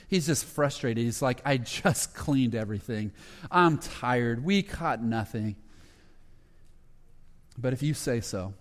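Conversational preacher in a reverberant hall. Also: male voice. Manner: conversational storytelling with frequent restarts and shifts into lower quoted voices. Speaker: pastor. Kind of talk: sermon.

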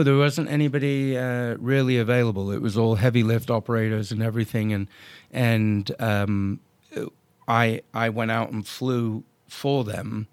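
A man casually telling a story as a podcast guest, animated and acting out the people he quotes, with some swearing. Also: fairly low pitch, no room sound. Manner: salty, swears freely. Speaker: podcast guest, drone business owner.

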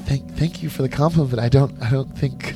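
A man's voice: mid-range voice, brisk, music in the background, pitched above the performer's own voice, close to an everyday voice. A man voicing an innocent, wide-eyed young woman who speaks politely and hesitantly.

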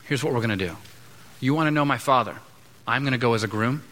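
A man preaching a sermon as pastor, conversational, acting out quick asides between points. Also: medium pitch, fairly bright tone. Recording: long hall reverb.

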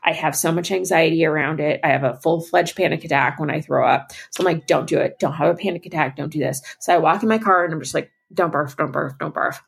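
A woman's voice: sits low, fast, vocal fry, few pauses. A young woman co-hosting a podcast, telling a story in casual chat and acting out both sides of the conversation. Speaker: podcast co-host.

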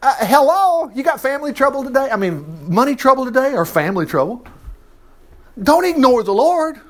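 Preacher guy, real animated, voice jumps all over, jokes between bible verses. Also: very high-pitched, fairly quick. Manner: animated, folksy asides, acting out voices. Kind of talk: sermon, reading scripture with commentary.

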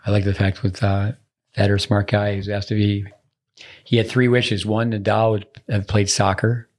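Man, podcast host, lowish voice, chatty, rambling, casual. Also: level tone, moderate pace, darkish tone. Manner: chatty, loose, rambling delivery. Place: resort.

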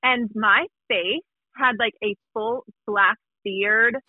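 A woman's voice: fairly high pitch, steady tone, slow pace, no room sound, narrow, tinny audio. A young woman in casual chat, telling an embarrassing story about herself with self-mocking humor.

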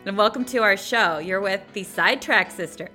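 A woman co-hosting a podcast, telling everyday stories with lots of "like" and animated retelling. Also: medium pitch, normal speed, soft background music. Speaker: podcast co-host. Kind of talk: casual storytelling chat.

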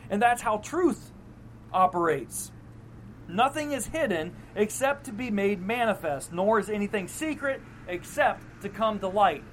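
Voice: medium pitch, expressive, unhurried, a little hiss or hum, poor audio. Conversational pastor preaching an evening sermon. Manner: conversational, acts out quoted voices with laughs.

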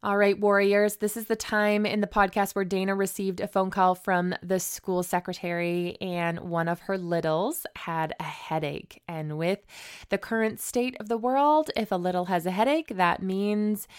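A woman's voice: mid-range voice, steady tone, moderate pace, clear, resonant tone, no room sound, studio quality. A woman hosting a podcast, reading an upbeat voice-over that addresses listeners directly. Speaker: podcast host. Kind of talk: scripted voice-over narration.

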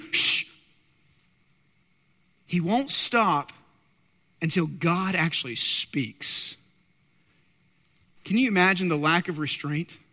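A man's voice: sits high, pushed and bright. A man preaching a sermon in an emphatic storytelling manner, repeating key words for weight, in a long echoing hall.

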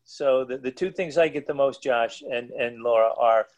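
A man's voice: mid-range voice, moderate pace. A man who plays the music at powerlifting meets, telling rambling, digressive stories in a casual podcast chat with many restarts.

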